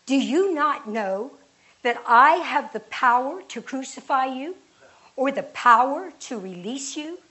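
A woman voicing a stern male Roman governor in a scripture reading, speaking slowly and deliberately. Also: a little high, lively intonation, fairly bright tone, poor audio. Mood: solemn. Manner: slow, deliberate, measured delivery.

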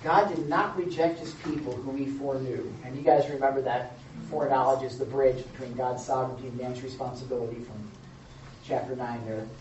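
Man preaching, lively joking delivery, acts out quotes, roomy echo, heard from a distance, dull lo-fi sound. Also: mid-range voice, a little fast, slight background noise. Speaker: pastor. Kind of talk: sermon. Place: church or meeting room with a live audience.

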